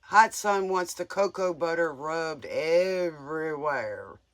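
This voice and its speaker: Guy doing a chill tarot reading, kinda high voice, goofy and laughy, takes his time. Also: takes it slowly, fairly bright tone. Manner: playful, joking and giggly. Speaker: tarot reader. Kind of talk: casual live tarot reading.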